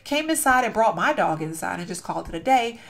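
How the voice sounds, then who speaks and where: A woman's voice: mid-range voice, expressive, fast, vocal fry, a bit bright. Young woman host, casual game commentary, gushing and rambling, easily sidetracked. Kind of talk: casual gameplay commentary and storytelling.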